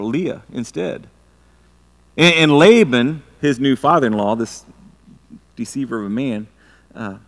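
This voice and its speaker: A middle-aged man preaching a sermon earnestly, often restarting and stumbling over his words. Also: medium pitch. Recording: long reverb of a large hall.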